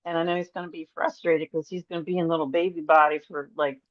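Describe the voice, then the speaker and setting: A middle-aged woman, a podcast guest, telling rambling, animated stories and acting out the voices of the people in them. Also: low voice, quick pace, no echo. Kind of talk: casual storytelling interview. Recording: dry, slightly dull audio.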